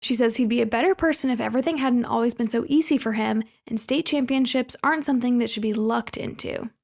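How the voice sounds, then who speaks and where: A woman's voice: on the high side, fast talker, gravelly, darkish tone. A woman co-hosting a podcast, summarizing a movie plot in casual chat with playful asides. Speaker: podcast co-host.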